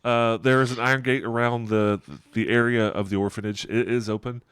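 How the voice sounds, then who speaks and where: A man's voice: mid-range voice, little pitch movement, brisk, a bit bright, clean tone, no room sound, clean studio sound. A middle-aged man narrating a tabletop game as game master, describing scenes in a rambling, digressive way and chuckling often.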